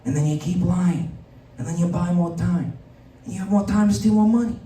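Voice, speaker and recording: A man doing an impression of a scheming older president who talks like a mob boss, in a slow, low conspiratorial drawl. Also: mellow, lightly acted. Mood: smug. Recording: echoey room, mic far off.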